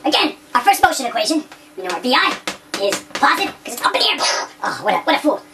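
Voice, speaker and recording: A man's voice: very high voice, big pitch swings, fast talker, noisy background, pitched above the performer's own voice, full character voice. A man putting on a German scientist voice to explain physics problems step by step. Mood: lecturing. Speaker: physics teacher.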